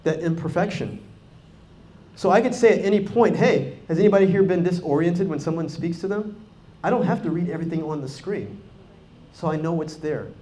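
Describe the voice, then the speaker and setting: A man giving a live, energetic talk to a conference audience, acting out quoted dialogue and speaking straight to the crowd. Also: fairly high pitch, a little fast. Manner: energetic, animated, acts out quoted dialogue, talks directly to the crowd. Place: conference hall.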